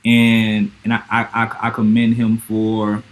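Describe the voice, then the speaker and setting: A man hosting a casual chat, speaking haltingly and thoughtfully with many restarts. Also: lowish voice, completely flat delivery, rough recording. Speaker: podcast host.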